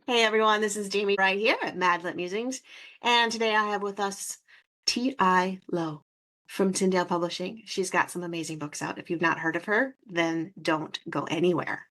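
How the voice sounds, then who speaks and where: A woman's voice: lowish voice, moderate pace, a bit bright. A woman with a Minnesota accent hosting a podcast interview in easy, chatty conversation, laughing often. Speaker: podcast host. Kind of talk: casual interview chat.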